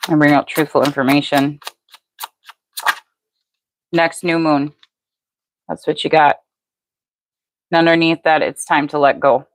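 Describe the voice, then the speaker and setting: An older woman gives a live-stream tarot reading in a low-sitting voice at a measured pace, pausing often, with a little hiss or hum in the recording. She is chatty yet matter-of-fact, addressing viewers by name with an even delivery.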